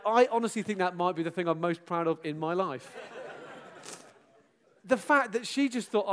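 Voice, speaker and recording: A middle-aged pastor giving an animated, self-mocking farewell address to his church, breaking into loud exclamations and laughter. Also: sits high, moderate pace, long pauses.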